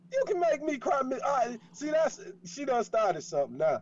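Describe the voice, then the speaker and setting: A man's voice: very high-pitched, big pitch swings, normal speed, few pauses, lo-fi sound, crowd noise. A man co-hosting a radio show, flirting and teasing in playful banter with stammering repeats.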